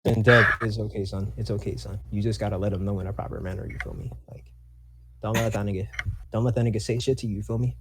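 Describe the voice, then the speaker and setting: A man in a casual group voice chat, talking in laid-back slang and calming others down. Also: on the low side, fast. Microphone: mic on a voice call. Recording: heavy noise on a voice chat mic.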